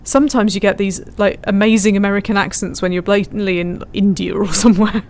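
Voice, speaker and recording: Woman streamer, chatty and giggly, reading chat out loud. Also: medium pitch, steady tone, fairly quick. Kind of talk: casual live-stream commentary.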